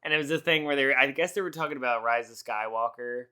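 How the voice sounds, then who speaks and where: A man's voice: mid-range voice, fast, sharp tone, clear, resonant tone. A tipsy man co-hosting a podcast, giving rambling, profane movie commentary and laughing often. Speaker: podcast co-host. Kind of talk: casual movie commentary chat.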